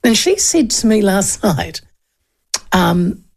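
A woman's voice: mid-range voice, sing-song, slow pace, gravelly. A woman in her fifties with a New Zealand accent, hosting a talk show and chatting loosely about polls with rambling asides. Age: 50s. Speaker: radio talk show host. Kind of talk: casual political commentary.

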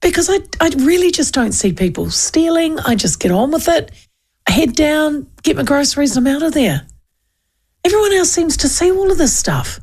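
Chatty New Zealand woman, gravelly voice. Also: high voice, moderate pace. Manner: chatty, animated storyteller reading listener texts. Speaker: radio talkback host. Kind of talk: casual talkback radio chat.

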